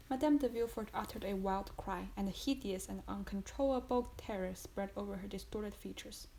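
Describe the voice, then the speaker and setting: A woman reads a classic novel aloud as an audiobook narrator. Her reading is measured and dramatic, with a voice of middling pitch. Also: dark tone, slight background noise.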